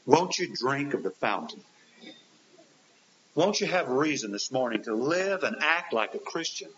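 A man's voice: medium pitch, big pitch swings, a little slow, a bit bright. Preacher man on a hissy, dull recording. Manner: earnest, rising and falling delivery with rhetorical questions. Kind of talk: sermon.

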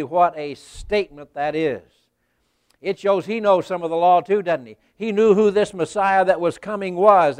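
A male preacher giving a sermon in a folksy storytelling way, talking right to the congregation and rising to loud emphasis. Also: high voice, clean tone, no echo, clean studio sound.

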